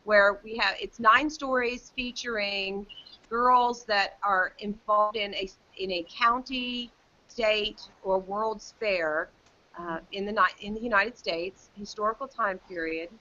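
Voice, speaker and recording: A woman from South Dakota, a guest author, chats casually on a video call in a medium-pitched, steady, sharp voice, taking it slowly. She's chatty and rambles with restarts, mimicking other people's voices. The call audio is slightly dull and lo-fi.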